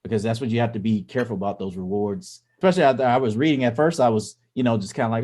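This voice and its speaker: A man's voice: medium pitch, fast, hardly any pauses, a little mellow. A man co-hosting a casual podcast, a parent of kids, talking in a rambling way with many restarts and filler phrases. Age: adult parent. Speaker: podcast co-host.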